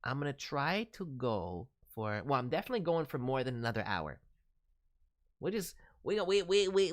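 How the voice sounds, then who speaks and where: A woman chatting on a live stream as she voices viewers' characters, gushing with enthusiasm and filling pauses with stammers. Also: low-pitched, big pitch swings.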